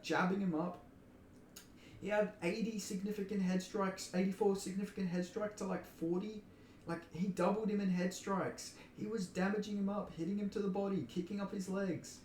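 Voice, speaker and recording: In an echoey room with a little hiss or hum, a high-pitched man with a darkish tone, an Australian MMA commentator from Perth, rants indignantly and profanely about a fight decision he believes was a robbery.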